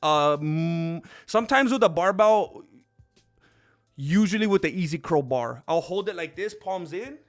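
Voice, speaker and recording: Male streamer host, casual rambling chat, amped energy, bit higher pitched, soft background music. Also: a little slow. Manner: rambling, excitable, calls viewers dude and bro.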